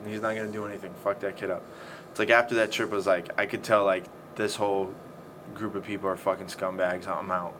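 A man's voice: deep voice, level tone, quick pace, a bit bright. A man telling a story in casual chat, swearing often and acting out the scenes. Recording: faint background noise.

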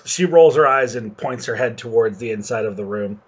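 A man's voice: mid-range voice, normal speed, breathy edge, muffled recording. Man narrating a tabletop game. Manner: loose and hesitant, with fillers. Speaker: game master.

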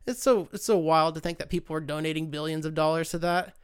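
A man's voice: fairly high pitch, steady tone, fast, clear, resonant tone. An American man hosting his own podcast, talking in a rambling, profane, fired-up rant. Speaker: podcast host. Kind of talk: casual solo rant.

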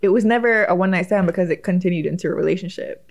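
A woman's voice: fairly low pitch, racing. A woman in casual podcast chat over a question card game, blunt and candid, laughing a lot.

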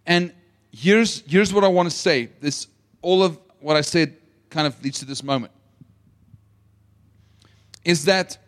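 A man preaching a sermon in an unhurried, deliberate way, pressing home each point with "right?". His voice sits a little higher than most men's, and he slows down to read scripture with weight. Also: big-room sound. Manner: emphatic, asks the room "right?" often; reads scripture aloud with weight.

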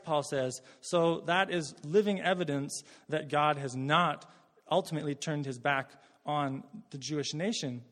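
A man's voice: fairly high pitch, expressive, normal speed, a bit bright, big-room sound. A man from Canada preaching a sermon as pastor, conversational and earnest, often repeating words as he thinks aloud.

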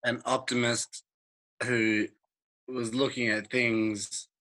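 A man's voice: medium pitch, level tone, slow pace, bright, forceful tone. A young man chatting casually, rambling and losing his place while recalling jokes. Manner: rambling, loses track, laughs often. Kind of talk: casual chat.

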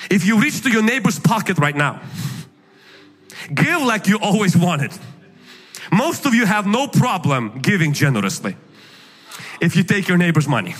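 Animated preaching man, high voice. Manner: animated, emphatic, at times shouting. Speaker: pastor. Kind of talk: sermon. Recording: echoey hall with faint music.

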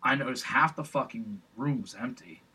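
A man's voice: medium pitch, normal speed, pushed and bright, slightly rough, rough recording. A young man telling a rambling, profane story in casual chat, full of fillers and restarts.

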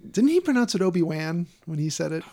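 A man co-hosting a podcast, chatting casually and dropping wry, quick quips. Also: high voice, big pitch swings, mellow. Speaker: podcast co-host. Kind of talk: casual chat.

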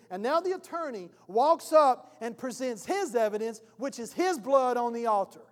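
A male pastor preaches with animated storytelling and acts out scenes. His voice is high, and it rings with long reverb through a church hall. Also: moderate pace, few pauses. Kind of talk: sermon.

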